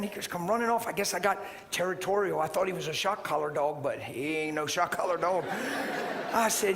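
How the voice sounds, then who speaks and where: A man preaching a sermon as a story, animated and rising to shouts. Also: high voice, quick pace. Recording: long hall reverb, faint noise.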